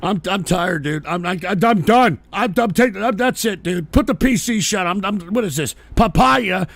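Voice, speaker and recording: Gravelly, exasperated male talk host. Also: high voice, lively intonation, moderate pace, no room sound. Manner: exasperated, profane, yelling at trolls. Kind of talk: live political talk show.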